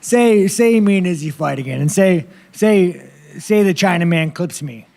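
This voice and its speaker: A man with a slightly high, gravelly voice rattles off rough press-conference answers. He is blunt and profane and rambles from one thought to the next. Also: expressive, normal speed, darkish tone.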